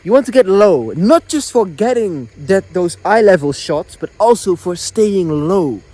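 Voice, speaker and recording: Chatty high-voiced man explaining filming gear. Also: animated, measured pace, darkish tone. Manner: chatty, repeats himself, restarts phrases. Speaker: wildlife filmmaker vlogger. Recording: faint background noise.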